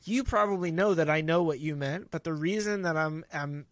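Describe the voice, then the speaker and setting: A man's voice: on the high side, normal speed, no echo. Easygoing man, dry close sound. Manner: easygoing, reflective, acts out quotes from his kid. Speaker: podcast co-host. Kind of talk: casual chat.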